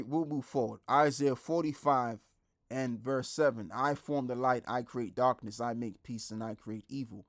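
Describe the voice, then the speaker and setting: A man preaching online, blunt and repetitive, who drops into a lower, quieter voice when he reads scripture aloud. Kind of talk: street-style preaching commentary.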